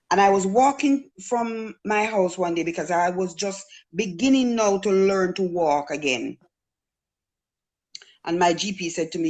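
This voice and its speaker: A woman's voice: on the low side, measured pace. A middle-aged woman from Jamaica with a Jamaican accent, earnestly telling a personal story in casual talk. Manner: earnest storytelling, acts out quoted voices. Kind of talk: casual testimony.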